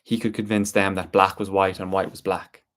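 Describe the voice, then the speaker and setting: Guy telling a fable, low flat voice, slow and deliberate. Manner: slow, deliberate, with drawn-out pauses. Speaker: storyteller. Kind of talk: spoken storytelling.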